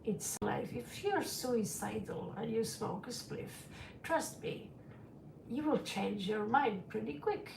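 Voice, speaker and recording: A middle-aged woman with a raised, gravelly voice chats slowly and frankly as a tarot reader. She rambles and calls her listeners sweetie. She is heard in a roomy space, set back from the mic. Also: fairly high pitch, expressive, recorded from a distance, background noise. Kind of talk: casual livestream chat. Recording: roomy echo, away from the mic.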